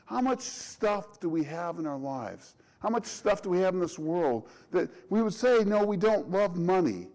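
A middle-aged pastor preaching in a fairly high voice for a man. He talks conversationally, stumbling over and repeating words as he goes, and leans on rhetorical questions. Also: expressive, normal speed, hardly any pauses, warm tone, poor audio. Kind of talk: sermon.

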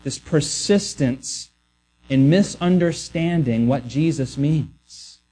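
A man's voice: on the high side, slow pace, mellow. A man preaching a sermon earnestly, often restarting words and acting out the voices he quotes. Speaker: pastor.

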